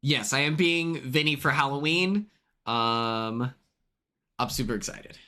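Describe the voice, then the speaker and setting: A young man chatting casually on a live stream, excitable and chatty, greeting viewers by name from his home. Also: mid-range voice, unhurried.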